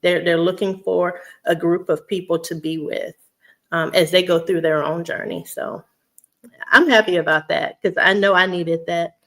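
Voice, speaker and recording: A woman's voice: lowish voice, fairly even intonation, moderate pace, a bit bright. A woman with a Southern US accent, chatting casually on a livestream. She is a teacher, reads viewer comments aloud and laughs often. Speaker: vlogger on a weight-loss journey.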